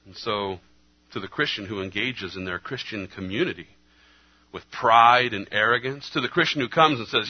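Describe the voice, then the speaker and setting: A man preaching a sermon earnestly, his delivery moving between hushed, slow passages and emphatic ones. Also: on the low side, breathy edge. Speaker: pastor. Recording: slightly dull lo-fi sound.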